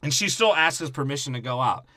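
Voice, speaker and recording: A man's voice: mid-range voice, expressive, sharp tone, no room sound, clean studio sound. A man co-hosting a podcast, riffing crudely and jokingly about a movie. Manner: rapid joking delivery. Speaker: podcast co-host.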